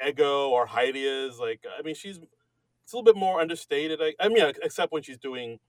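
A man's voice: fairly high pitch, lively intonation, brisk, no room sound. A man co-hosting a comedy podcast in casual chat, rambling and self-mocking with many restarts. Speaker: podcast co-host.

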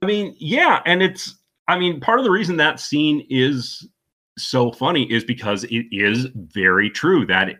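Bright-voiced man, laughing podcast host. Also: a little high, animated. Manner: laughs often, quick asides. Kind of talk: casual chat.

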